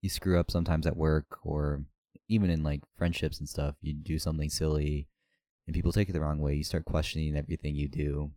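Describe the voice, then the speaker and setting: A man's voice: a bass voice, level tone, brisk, mellow, dry recording, clean studio sound. A man co-hosting a podcast in casual chat, laid-back, dropping wry quips. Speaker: podcast co-host.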